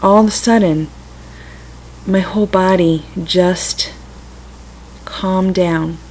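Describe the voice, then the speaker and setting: Middle-aged lady chatting softly into her webcam at home, reflective, laughs at herself now and then. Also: on the low side, steady tone, slow, a little hiss or hum, low-quality recording. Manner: gentle, reflective, with self-amused asides. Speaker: vlogger sharing personal stories. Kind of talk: casual spiritual talk to camera. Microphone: computer webcam mic.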